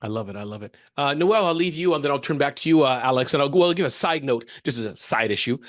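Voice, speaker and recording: Fast, animated man in his fifties hosting. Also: mid-range voice. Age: 50s. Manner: animated, jokey, often jumps into playful impressions. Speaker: podcast host. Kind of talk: casual interview chat.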